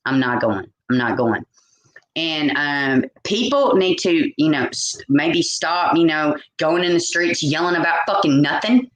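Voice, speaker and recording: A woman's voice: low-pitched, lively intonation, unhurried. A woman vlogger ranting to her viewers, exasperated, swearing often and repeating herself. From United States. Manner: exasperated, profane, repetitive ranting. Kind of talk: ranting commentary to camera. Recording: echoey room.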